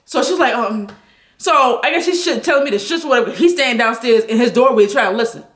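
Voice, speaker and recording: A woman angrily venting a story on a livestream, talking loud, blunt and full of profanity. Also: on the high side, fast, roomy sound.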